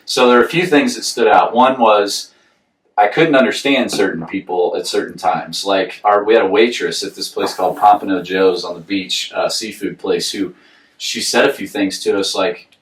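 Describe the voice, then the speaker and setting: A man's voice: fairly low pitch, moderate pace. A man with a Southern American accent, co-hosting a podcast and telling a rambling story with frequent laughs. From Southern United States. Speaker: podcast co-host. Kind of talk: casual chat. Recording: roomy echo, far from the mic.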